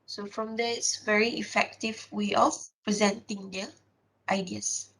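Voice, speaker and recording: A woman giving a classroom lecture, explaining step by step with many filler pauses and restarts. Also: medium pitch, level tone, a bit bright, rough recording.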